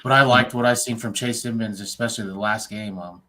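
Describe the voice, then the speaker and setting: Low, flat-voiced man giving opinions. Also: brisk. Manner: plain-spoken, opinionated. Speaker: panelist. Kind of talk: casual sports chat.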